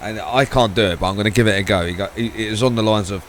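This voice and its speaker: A man's voice: fairly low pitch, racing, hardly any pauses, a bit bright, slight background noise, poor audio. Rambling, swearing male game streamer. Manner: rambling, swearing, laughing often. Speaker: streamer playing a flight simulator. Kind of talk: casual live-stream chat.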